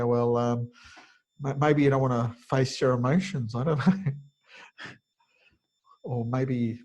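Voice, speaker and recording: A man's voice: medium pitch, steady tone, slow pace, long pauses, a little mellow, rough recording. A man teaching a webinar lecture over a video call, explaining step by step and thinking aloud with frequent fillers. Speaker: kinesiology teacher.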